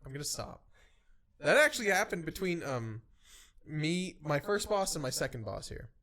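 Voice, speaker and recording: A man in his twenties co-hosting a casual podcast chat, telling profane stories, laughing often and acting out shouting voices. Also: on the high side, moderate pace. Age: 20s. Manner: animated storytelling, acts out loud shouting voices. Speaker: podcast co-host.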